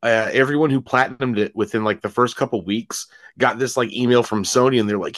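A man's voice: mid-range voice, dry recording. A man in his late thirties co-hosting a podcast, telling stories eagerly in casual gamer talk. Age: late 30s. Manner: quick, eager storytelling with laughs and gamer slang. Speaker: podcast co-host. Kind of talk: casual chat.

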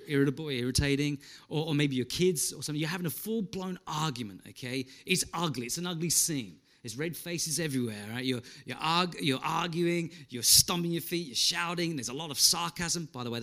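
A middle-aged man preaching a sermon, animated, asking the listeners questions and slipping in jokes. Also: fairly high pitch. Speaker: pastor.

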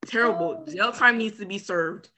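A woman's voice: medium pitch, moderate pace, bright, forceful tone, a little hiss or hum. A woman talking as a podcast guest in casual chat, dramatic and mock-outraged.

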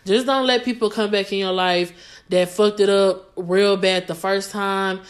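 A woman's voice: mid-range voice, fairly even intonation, a little slow. A young woman, talking casually to camera, blunt and profane, repeating herself for emphasis. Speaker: vlogger giving relationship advice.

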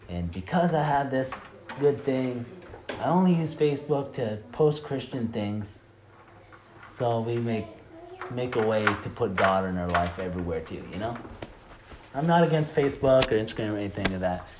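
A man's voice: lowish voice, expressive, moderate pace. A man giving an informal sermon, talking conversationally with many fillers and building to emphatic preaching. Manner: frequent "like" and "you know" fillers. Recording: echoey room with loud noise.

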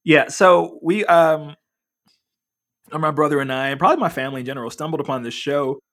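A man's voice: on the high side, fairly even intonation, quick pace, a bit bright. A man co-hosting a casual chat, rambling with many fillers and restarts as he tells a story.

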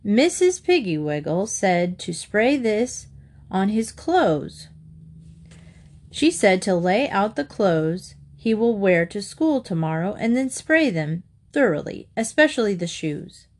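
A woman reading a storybook, voicing a calm, cheerful father who speaks in a relaxed, matter-of-fact way. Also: mid-range voice, takes it slowly.

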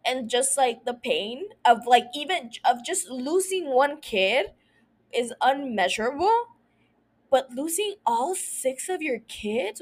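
A young woman hosts a casual recap podcast, talking in an unhurried way. Her voice sits high, and she swears freely as she gets emotional and rants. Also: animated. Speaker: podcast host.

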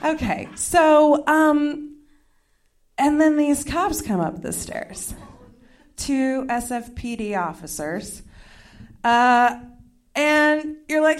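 A young woman telling a self-mocking story in a stand-up comedy set, with quick asides to the crowd. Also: high voice, expressive.

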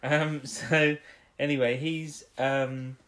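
A man's voice: mid-range voice, flat delivery, fairly bright tone. A man co-hosting a podcast in casual chat, rambling through a recap and acting out characters' lines. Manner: rambling recap, acts out lines in quick voices. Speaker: podcast co-host.

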